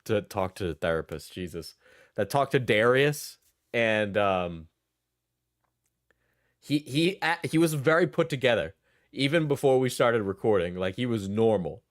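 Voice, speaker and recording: A man's voice: mid-range voice, expressive, measured pace, no room sound, clean studio sound. A young man streaming clip reactions in casual chat, rambling and laughing often as he trails off mid-sentence.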